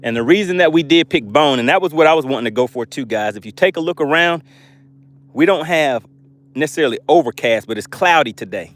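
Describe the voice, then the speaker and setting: A man hosting a live fishing stream from a boat, excitedly commenting and reading chat messages aloud. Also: mid-range voice. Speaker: fishing livestream host.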